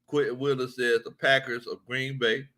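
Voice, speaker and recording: A man's voice: mid-range voice, little pitch movement, moderate pace, pushed and bright. A man hosting a casual livestream sports chat, reading viewer comments, joking, laughing often and repeating his lines.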